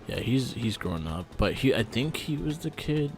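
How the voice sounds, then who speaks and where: A man's voice: medium pitch, sing-song, moderate pace, soft background music. A man co-hosting a podcast, talking about a movie in a laid-back way and swearing casually. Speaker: podcast co-host. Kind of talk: casual movie review chat.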